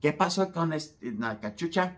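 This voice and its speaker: A man's voice: on the high side, lively intonation, normal speed, natural voice. A man doing jeering hecklers. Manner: taunting, jeering. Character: heckling taco-truck men, rough and mocking.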